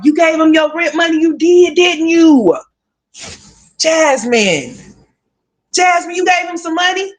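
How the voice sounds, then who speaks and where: A woman's voice: mid-range voice, slightly rough. A woman hosting a casual gossip commentary livestream, sassy and profane, talking straight to her viewers.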